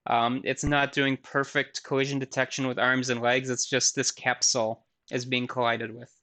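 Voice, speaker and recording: In a recorded university lecture with a live software demo, a man speaks casually at normal speed with a medium pitch and little pitch movement. He uses frequent fillers and makes self-deprecating asides.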